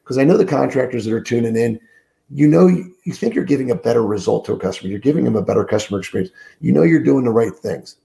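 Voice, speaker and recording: A man's voice: mid-range voice, animated, quick pace, gravelly, dark tone. A middle-aged man, a sales trainer guest on a podcast, speaking emphatically with many fillers in a groggy, sick voice from a room on a remote call. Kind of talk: podcast interview, coaching talk.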